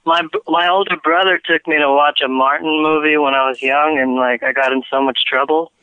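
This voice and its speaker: A man's voice: fairly high pitch, steady tone, a little fast, clean tone, no room sound, phone-quality sound. A male caller chatting casually over the phone in a laid-back, joking way.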